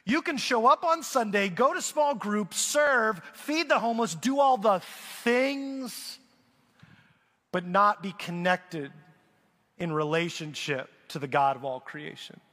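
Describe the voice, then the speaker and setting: Animated bright-voiced man preaching in a hall. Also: sits high, measured pace. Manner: animated, acts out people in his stories. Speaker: guest pastor. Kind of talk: storytelling sermon. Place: church auditorium. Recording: long church hall reverb.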